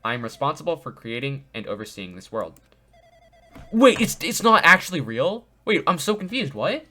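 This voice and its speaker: A man voicing a calm artificial intelligence program with a polite, explanatory, robot-like manner while reading game dialogue aloud. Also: a little high, moderate pace, faint music behind, full character voice.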